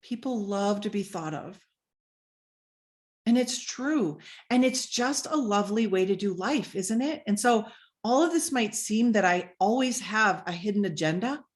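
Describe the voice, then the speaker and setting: Energetic woman coaching on sales. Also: mid-range voice, measured pace. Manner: energetic, conversational, acts out sample messages. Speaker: business coach. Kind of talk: coaching talk on social media sales.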